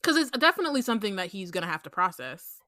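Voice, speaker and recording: A woman co-hosting a casual book podcast, chatting and chiming in with quick agreement. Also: medium pitch, big pitch swings, sharp tone, no echo, studio quality. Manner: conversational, quick agreeing interjections. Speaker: podcast co-host.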